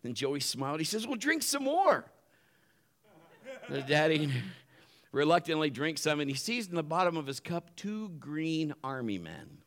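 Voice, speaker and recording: A man's voice: fairly high pitch, very animated, moderate pace, fairly bright tone. A man, a pastor, opening his sermon with jokes and laughing at his own punchlines. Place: church building.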